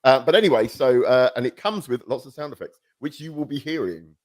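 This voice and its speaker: A man's voice: medium pitch, animated, brisk, a little mellow. A man co-hosting a casual podcast chat, rambling and self-mocking with frequent restarts, on a podcast microphone. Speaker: podcast co-host. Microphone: new podcast microphone.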